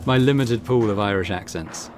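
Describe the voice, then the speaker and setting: A man's voice: lowish voice, moderate pace. A man hosting a let's play, making wry, self-mocking asides. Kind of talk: casual game commentary.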